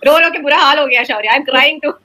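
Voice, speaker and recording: Bright, high-voiced woman teacher. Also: very fast. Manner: encouraging, laughing often, coaxing a child. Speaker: teacher in a recorded demo class. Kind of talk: animated kids' online class.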